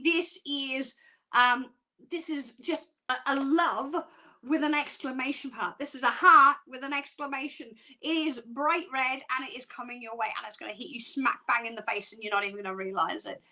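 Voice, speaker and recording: A woman giving live psychic readings, chatty and excitable, rambling with fillers and restarts. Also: sits high. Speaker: psychic reader.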